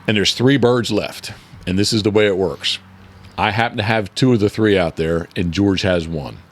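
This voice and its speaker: A man's voice: fairly low pitch, normal speed. A man hosting a casual podcast, rambling and correcting himself often as he talks. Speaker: podcast host and decoy carver.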